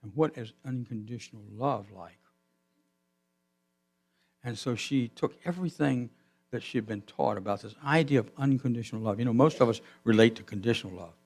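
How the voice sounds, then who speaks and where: A man pastor giving a sermon in a church, telling a story with his voice swelling loud and then dropping to a hush. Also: medium pitch, moderate pace, creaky. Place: church sanctuary.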